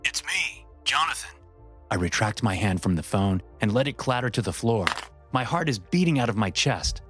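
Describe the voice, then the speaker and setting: Low-pitched male horror narrator, tense first-person telling, soft music under him. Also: animated, fairly quick.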